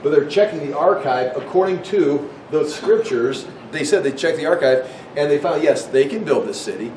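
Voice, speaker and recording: A man's voice: lively intonation, normal speed, a little mellow, recorded from a distance. Man teaching Bible history in an echoey room. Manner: conversational, acts out quoted voices, frequent restarts. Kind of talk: informal Bible lecture. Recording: echoey room with faint rumble.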